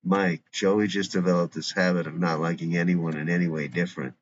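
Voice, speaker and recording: An easygoing, courteous man with a calm manner, as a man reads him. The voice is very low, in a dull, lo-fi recording with faint hiss. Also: a little fast, close to an everyday voice. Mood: polite. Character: easygoing, polite adult man.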